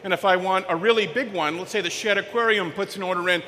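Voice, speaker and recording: A man's voice: high-pitched, fast talker, bright, forceful tone, slight background noise. A man playing a friendly male pet store owner who explains things in a folksy, confident way. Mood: proud. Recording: reverberant hall, faint ambience.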